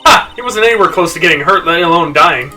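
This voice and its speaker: Man doing a perky young animal tamer woman, squealing, bright and sharp, heard from a distance. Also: lively intonation, fast talker, soft background music. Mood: bubbly. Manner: bubbly, squealing high voice. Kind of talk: voicing game dialogue on a live stream.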